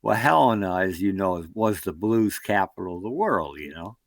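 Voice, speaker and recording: A man's voice: low-pitched, normal speed, no echo. An American man, a long-distance canoeist, telling rambling stories in an interview and acting out what people said. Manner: rambling, animated anecdotes with acted-out quotes. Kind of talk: storytelling interview.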